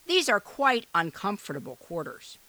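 Woman doing a bossy eager donkey, bright bouncy storybook voice. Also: medium pitch, huge pitch swings, moderate pace, no echo. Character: big male donkey, eager and bossy leader. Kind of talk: storybook read-aloud.

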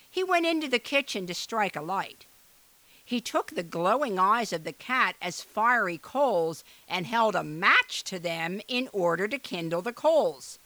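A woman reads a fairy tale aloud, her voice bright and high. She swings her pitch widely and acts out the story. The sound is dry and close. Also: dry recording. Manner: expressive, animated.

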